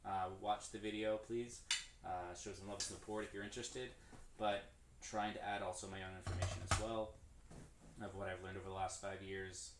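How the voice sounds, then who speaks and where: A man's voice: low-pitched, level tone, normal speed. Rambling drummer man, echoey room. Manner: rambling, self-correcting, counts stickings aloud. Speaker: drummer streaming his practice. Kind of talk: casual practice-stream explanation. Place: room with a drum kit. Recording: echoey room, distant mic, clear background noise.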